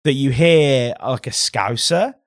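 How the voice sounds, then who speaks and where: A man co-hosts a podcast in loose conversation, arguing his points with confidence and dropping the odd swear word. His voice sits at an ordinary middle pitch for a man. The recording is dry and close, with no room sound. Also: slow, no echo. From Britain. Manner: emphatic, opinionated, swears casually. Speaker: podcast co-host. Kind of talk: casual chat.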